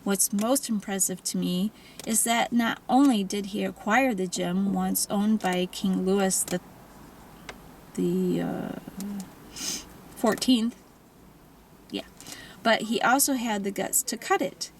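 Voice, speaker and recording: A woman voicing a smooth, confident middle-aged man who lectures with easy charm, in an audiobook reading. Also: medium pitch, slow, pauses often, a little hiss or hum. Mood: admiring.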